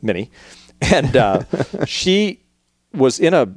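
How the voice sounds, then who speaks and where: A middle-aged man hosting a radio show, telling a candid personal story in relaxed conversation. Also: mid-range voice, no echo. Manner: candid, storytelling, quick-paced.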